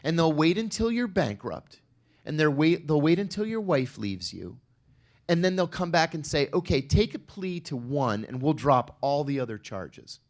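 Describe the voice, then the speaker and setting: A man's voice: fairly high pitch, sing-song, moderate pace. A middle-aged man speaking on a conference panel, telling a personal story with wry asides. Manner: storytelling, wry, acts out quoted exchanges.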